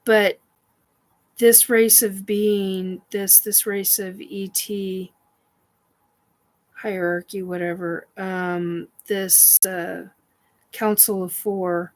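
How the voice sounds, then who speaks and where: A woman's voice: medium pitch, little pitch movement, drawn-out words, long pauses, rough recording. A woman hosting a casual paranormal chat stream, rambling with many fillers, defiant and swearing.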